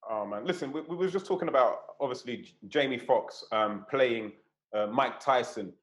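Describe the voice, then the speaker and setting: A man's voice: medium pitch, normal speed, a bit bright. A man hosting a casual chat, putting questions to the others and telling stories. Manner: leads the talk, asks guests questions. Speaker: host.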